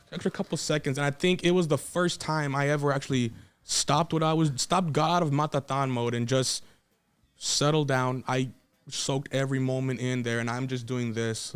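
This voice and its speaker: Young man, 21, from South Texas, casual storytelling, emotional, rambling, mid-pitched voice. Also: clean tone. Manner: emotional, rambling, frequent restarts. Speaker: guest wrestler.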